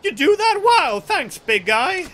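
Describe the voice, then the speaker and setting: A man voicing a timid, frightened teenage schoolgirl in a squeaky falsetto, reading game dialogue aloud. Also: sing-song, slow, pushed and bright, slight background noise, full character voice. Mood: grateful.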